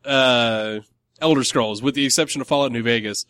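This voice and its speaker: A man's voice: mid-range voice, moderate pace, fairly bright tone, clean tone, dry recording. A man co-hosting a podcast in casual chat, explaining things at length with frequent laughs. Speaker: podcast co-host.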